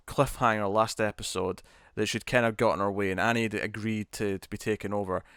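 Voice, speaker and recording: A man co-hosting a casual review chat, animated, with many quick restarts and repeated words. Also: mid-range voice, clean tone, no room sound, studio quality. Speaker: podcast co-host.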